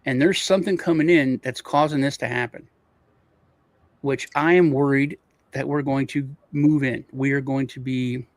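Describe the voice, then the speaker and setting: A man's voice: medium pitch, steady tone, moderate pace, no room sound. A man from Europe co-hosting a casual chat, rambling and repeating words as he restarts his sentences. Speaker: co-host.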